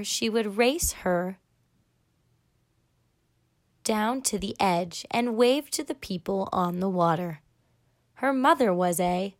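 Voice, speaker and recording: A woman hosts a fill-in-the-blank story game for children, leaving gaps for answers. She speaks very slowly at a mid pitch. The sound is dry and close. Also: no room sound. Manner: slow, leaving pauses.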